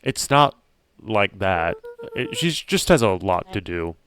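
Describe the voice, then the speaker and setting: A man's voice: lowish voice, big pitch swings, slow, a bit bright, pitched below the performer's own voice, heavily acted. A man voicing a reserved young boy in a game, giving subdued, hesitant replies.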